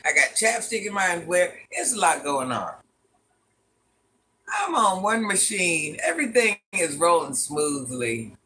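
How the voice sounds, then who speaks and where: A man's voice: on the high side, bright, forceful tone, a little hiss or hum. A man hosting a casual livestream in a granny persona, chatty and dramatic, greeting viewers by name and repeating lines for effect. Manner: chatty, dramatic, calls viewers "child" and "honey bun".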